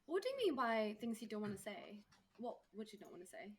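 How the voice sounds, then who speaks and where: A woman's voice: medium pitch, sing-song, fast talker, a little hiss or hum. A woman streamer as a guest in a casual chat, giggly and hesitant.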